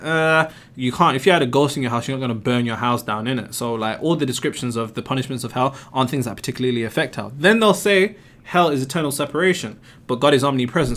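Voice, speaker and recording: A man's voice: medium pitch, fairly bright tone. Emphatic male host answering questions. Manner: emphatic, explains with rhetorical questions. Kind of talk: live stream Q&A.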